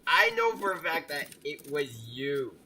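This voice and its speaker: A man's voice: a little high, big pitch swings, a little slow, sharp tone, a little hiss or hum. A young man streaming a game live, chatting casually and teasing his viewers. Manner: playful, teasing, restarts often, laughs at chat.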